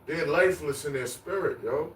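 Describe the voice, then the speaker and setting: A man's voice: on the high side, moderate pace, a little hiss or hum. A man preaching on the street, emphatic and repetitive, chanting lists of words. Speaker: street teacher. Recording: echoey, distant mic, faint ambience.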